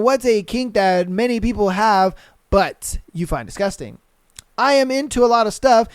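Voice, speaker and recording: High-voiced, loose-talking young man. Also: clean tone, no room sound. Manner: loose, profane, slangy banter with sudden loud outbursts. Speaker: podcast host. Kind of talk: casual podcast commentary reading listener answers.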